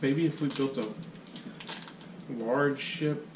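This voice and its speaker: A man playing a tabletop game, cracking jokes in a slow, easy way. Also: medium pitch, steady tone. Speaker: player. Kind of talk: joking table talk. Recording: echoey room, speaker far from mic, noisy.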